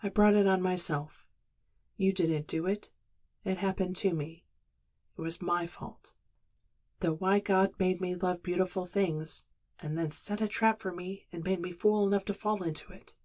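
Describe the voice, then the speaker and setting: A woman reading the lines of a weary, regretful young working-class woman in an audiobook, in a quiet, resigned and wistful manner. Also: fairly low pitch, fairly even intonation, measured pace.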